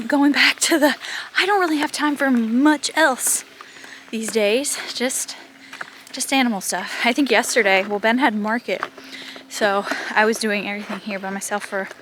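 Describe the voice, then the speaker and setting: A woman's voice: a little high, fairly bright tone, a little hiss or hum. A woman chatting casually as she walks around her farm, a bit out of breath, rambling and laughing now and then. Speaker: farm vlogger. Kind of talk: casual vlog chat. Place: outdoors on a farm.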